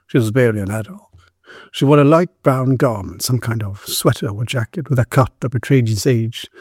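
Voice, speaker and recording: Dark-voiced male storybook narrator. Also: mid-range voice, dry recording, studio quality.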